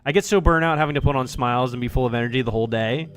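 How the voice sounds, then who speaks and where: A man's voice: mid-range voice, very fast, smooth, no room sound, faint music behind, close to an everyday voice. A man reading aloud a cheerful young female club president from a visual novel, in a playful, teasing way. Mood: cozy.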